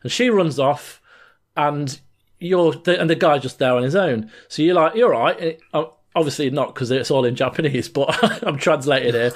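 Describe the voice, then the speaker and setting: A man's voice: fairly high pitch, moderate pace. A man co-hosting a podcast, retelling a game scene with lots of laughter and restarts. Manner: laughs while telling a story, trails off and restarts. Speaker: podcast co-host. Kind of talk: casual chat, animated retelling.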